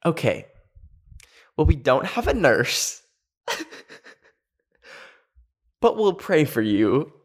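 A man's voice: on the high side, very animated, very slow, pauses often, voice pushed up, full character voice. A man voicing a nonchalant male camp counselor in an offhand, breezy way.

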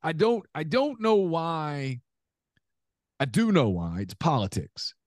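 A man on a podcast rants in heated casual talk, his pitch swinging widely up and down. He stumbles into repeated words as he gets worked up. The sound is close and dry, with no room around it. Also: wildly swooping pitch, slow pace, no room sound. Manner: heated ranting with stammered repeats. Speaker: podcast co-host.

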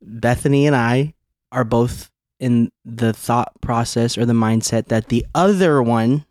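A man co-hosting a podcast, telling stories in a lively, animated way and swearing freely. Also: mid-range voice, unhurried, no room sound, clean studio sound. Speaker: podcast co-host. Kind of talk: casual chat.

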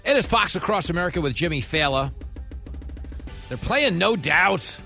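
A man's voice: high voice, animated, moderate pace, creaky, sharp tone, soft background music. A man hosting a comedic radio show, joking and bantering with callers and guests, laughing often.

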